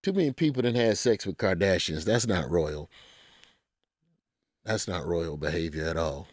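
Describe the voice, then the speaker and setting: A man's voice: low-pitched, normal speed, no echo, studio quality. A man who is a comedian, talking loosely and jokingly in slangy, storytelling bursts on a podcast. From American South. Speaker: comedian guest. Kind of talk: casual podcast conversation.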